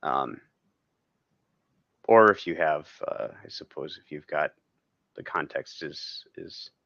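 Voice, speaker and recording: A man's voice: a bass voice, animated, slow, gravelly, sharp tone, dry recording. A man talking casually as a podcast guest, rambling and laughing often. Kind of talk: casual chat. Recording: dull, dry lo-fi sound.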